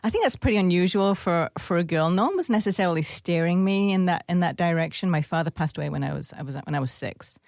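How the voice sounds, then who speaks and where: A woman's voice: on the low side, quick pace, vocal fry, hardly any pauses, a little mellow, no echo, clean studio sound. A middle-aged woman from England, a guest in an interview, telling her story in a friendly way. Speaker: podcast guest, business owner. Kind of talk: interview conversation.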